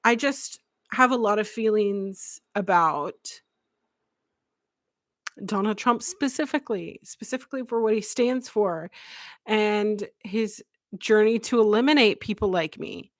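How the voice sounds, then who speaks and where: Woman, podcast host, candid, emotional, profane, average pitch. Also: measured pace, no echo, clean studio sound. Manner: emotional, blunt, swears freely. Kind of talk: candid live podcast monologue.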